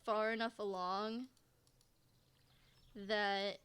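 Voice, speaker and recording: A woman's voice: medium pitch, little pitch movement, drawn-out words, fairly bright tone, smooth. A woman streamer giving casual let's-play commentary, rambling to herself with frequent restarts and giggles. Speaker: game streamer.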